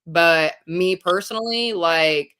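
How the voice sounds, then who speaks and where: A woman's voice: lowish voice, takes it slowly, a bit bright, clear, resonant tone. A woman hosting a casual livestream chat, talking bluntly and candidly.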